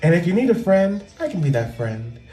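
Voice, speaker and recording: A woman comedian talking loudly and animatedly in a casual, profane monologue into a microphone. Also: lowish voice, very animated, a little fast. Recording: roomy echo with faint music.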